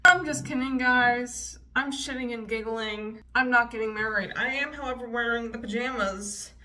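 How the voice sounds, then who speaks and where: A woman's voice: fairly high pitch, moderate pace, bright, forceful tone. A woman in her twenties chatting casually and swearing freely while doing her makeup for a beauty vlog. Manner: chatty, profane, storytelling. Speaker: beauty vlogger. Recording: voice a bit distant from the mic.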